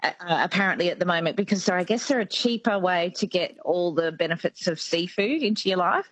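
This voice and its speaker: A woman's voice: on the low side, animated, brisk, fairly bright tone, no room sound, poor audio. A woman from Australia co-hosting a radio show, bubbly and given to going off on tangents. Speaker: radio co-host. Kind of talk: casual radio chat. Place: radio studio.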